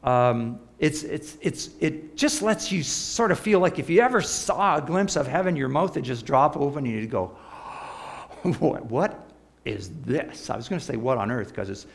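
Male preacher, lively sermon delivery, gravelly tone, swings from loud to hushed. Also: on the high side, moderate pace, hardly any pauses. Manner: animated, piles up words, drops to a soft hush.

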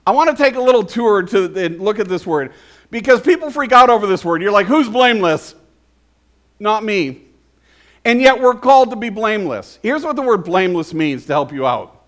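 A man's voice: high-pitched, expressive, normal speed, a bit bright. A man preaching a conversational sermon, often asking the congregation questions. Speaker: pastor.

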